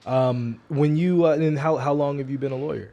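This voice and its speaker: A man's voice: a little high, moderate pace, mellow, muffled recording. A man hosting a casual interview podcast, chiming in with short backchannels and friendly prompts. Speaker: podcast host.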